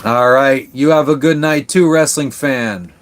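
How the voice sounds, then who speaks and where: A man's voice: medium pitch, unhurried. Laid-back swearing sailor man. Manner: laid-back, swears casually, rambling with restarts. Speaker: livestream host answering chat. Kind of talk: casual live-stream chat. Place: on a sailboat.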